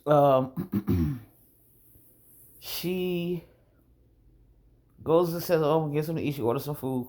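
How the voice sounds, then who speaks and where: A man vlogger telling a rambling, profane story in a casual monologue, often clearing his throat. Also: fairly high pitch, unhurried, pauses often, darkish tone.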